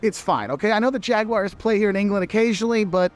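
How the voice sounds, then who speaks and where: Guy vlogging tips from england, high-pitched voice, chatty and emphatic. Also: quick pace, faint music behind. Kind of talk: casual advice vlog.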